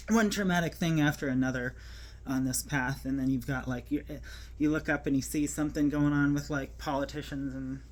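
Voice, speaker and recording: Telling a personal story to the camera, a woman is emotional and close to tears, rambling haltingly with lots of fillers and restarts. Her voice is low with fairly even intonation, and there's slight background noise.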